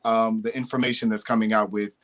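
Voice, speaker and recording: A man hosting a live panel discussion, candid and conversational, with lively emphasis. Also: lowish voice, a little fast. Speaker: host.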